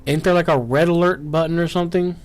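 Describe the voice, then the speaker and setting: A man's voice: a little high, steady tone, darkish tone. A man giving live gameplay commentary, frustrated and swearing, firing off strings of "no" as things go wrong. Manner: frustrated, swearing, repeating "no" rapidly. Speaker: gameplay streamer.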